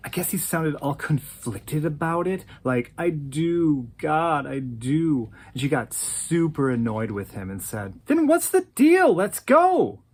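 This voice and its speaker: A woman in her forties tells a personal memory in an animated, dramatic way, stammering as she restarts her sentences. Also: extremely low pitch, slightly rough. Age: 40s. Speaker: oral history interviewee. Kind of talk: personal storytelling.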